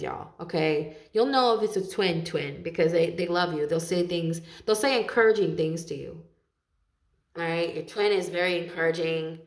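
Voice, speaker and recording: A woman's voice: fairly low pitch, reverberant. A woman giving a casual tarot reading, talking in a chatty, loose way, swearing freely and laughing often. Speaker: tarot reader.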